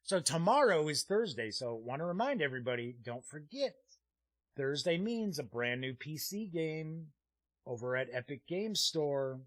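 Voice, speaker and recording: A man's voice: fairly high pitch, big pitch swings, moderate pace, no room sound. A man hosting a live-streamed tabletop gaming show, chatting casually and rambling with frequent "uh" fillers as he reads viewer comments aloud. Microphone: streaming desk mic.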